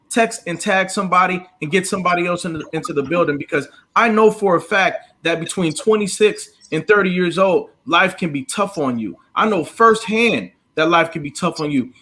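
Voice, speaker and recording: A male interview host with a high, sharp, forceful voice. He speaks with lively energy, calling on the audience to join in and share. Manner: energetic, urges viewers to engage. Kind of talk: interview show.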